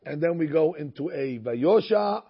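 A man's voice: on the high side, animated, unhurried, breathy edge. A man teaching a recorded Torah lesson, telling stories and using many Hebrew terms. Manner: storytelling, sprinkled with Hebrew terms. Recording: muffled lo-fi recording.

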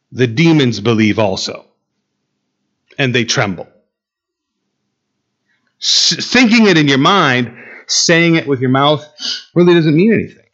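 A man's voice: fairly high pitch, a bit bright, highs cut off. A man preaching a sermon to a Bible class, emphatic, asking his listeners questions and repeating key phrases. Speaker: pastor teaching a Bible class.

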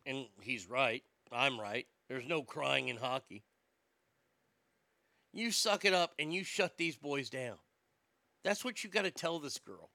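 Blunt, profane man ranting, gravelly and bright. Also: mid-range voice, lively intonation, a little slow, long pauses, no room sound, studio quality. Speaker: commentator. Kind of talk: opinion rant.

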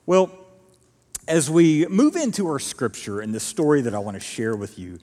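A male pastor preaching a sermon, telling the story with animated delivery and acting out quotes. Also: on the high side, normal speed. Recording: reverberant church hall.

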